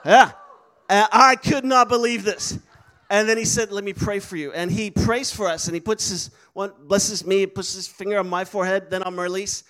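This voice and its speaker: A man's voice: high voice, fairly even intonation, normal speed, sharp tone. A man preaching a sermon, telling a story with laughs and acting out the voices of people he quotes. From Netherlands.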